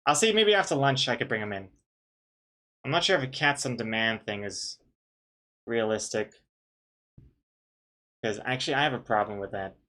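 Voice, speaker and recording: A young man talking in a loose, rambling way as he draws a comic live. He greets viewers by name, reads out their messages and makes fun of himself, and his voice sits at an ordinary middle pitch. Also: expressive, normal speed, pauses often, pushed and bright. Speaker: streamer drawing a webcomic. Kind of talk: casual chat while drawing on a live stream.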